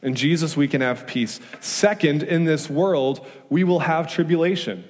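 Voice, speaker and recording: A man preaching a sermon as pastor, emphatic, asking rhetorical questions and moving between loud urgency and hushed reassurance. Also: fairly high pitch, a little slow. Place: church sanctuary. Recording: reverberant church hall.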